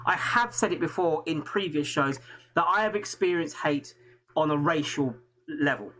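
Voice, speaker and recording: Hosting a relaxed live stream, an Englishman speaks earnestly, wandering and starting over many times. His voice is a little high and a bit bright, with lively intonation at a moderate pace, captured in a low-quality recording.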